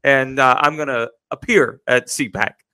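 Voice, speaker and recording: A man's voice: medium pitch, measured pace, pushed and bright, clear, resonant tone. A man on a radio interview as a political candidate, emphatic and speechlike, often repeating himself. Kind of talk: radio interview, campaign talk.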